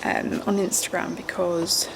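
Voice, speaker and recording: A young English woman chats to camera as a new mum, rambling along and now and then dropping to a whisper. Her voice has a gravelly edge. It is a home recording with plenty of noise behind it. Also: fairly low pitch, little pitch movement, measured pace. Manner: chatty, rambling, often drops to a whisper. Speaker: vlogger, first-time mum. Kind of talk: casual chat to camera.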